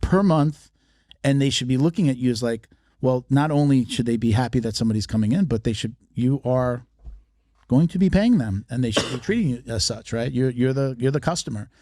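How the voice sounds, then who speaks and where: A man's voice: medium pitch, expressive, brisk, warm tone, no room sound, studio quality. A man who is a martial arts marketing expert, talking casually as a podcast guest and telling stories with emphasis and many restarts.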